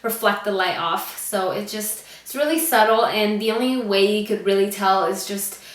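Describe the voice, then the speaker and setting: A woman's voice: mid-range voice, moderate pace. A woman beauty vlogger talking casually to camera, chatty with lots of fillers and a little out of breath. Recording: echoey room, voice from a distance.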